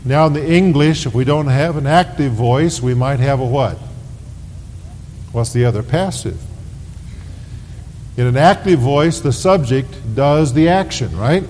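Slow, deliberate preaching man. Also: a little mellow. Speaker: pastor. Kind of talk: sermon. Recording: 1990s sermon tape with long reverb and faint rumble.

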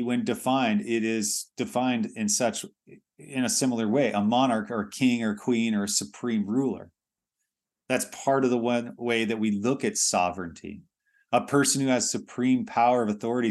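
Conversational male preacher giving a sermon. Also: mid-range voice. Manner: conversational, frequent restarts and "you know".

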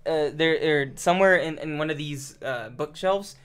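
A man's voice: a little high, normal speed, a bit bright, clear, resonant tone. A man chatting casually with friends, teasing them and joining in on jokes. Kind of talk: casual chat.

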